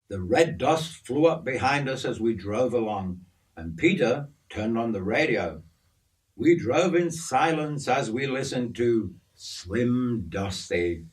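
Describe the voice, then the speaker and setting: A man's voice: mid-range voice, far from the mic. An older man telling a story from his youth in a folksy, conversational way. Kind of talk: storytelling narration.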